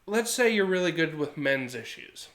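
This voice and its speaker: In an echoey room, a man in his thirties co-hosts a podcast, earnestly telling stories in a casual chat and animatedly acting out quotes. His voice is a little high and moves at a moderate pace.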